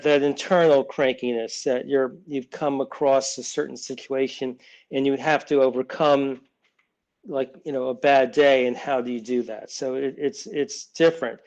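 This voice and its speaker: Dull audio captures a children's author in his sixties, a guest in a casual interview, speaking in a mid-range, slightly mellow voice. His talk meanders with frequent restarts and quick imitations of family voices.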